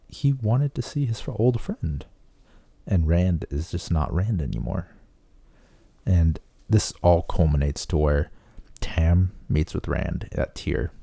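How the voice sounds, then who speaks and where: A man casually recapping a book for his channel, excited and full of "like" and "um". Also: extremely low pitch, gravelly, no room sound. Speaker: book reviewer.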